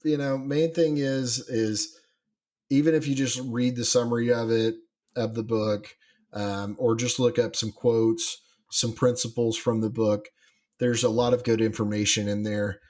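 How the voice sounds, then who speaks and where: A man's voice: medium pitch, level tone, measured pace, darkish tone. A man co-hosting a podcast in casual chat, rambling with many fillers and restarts. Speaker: podcast co-host.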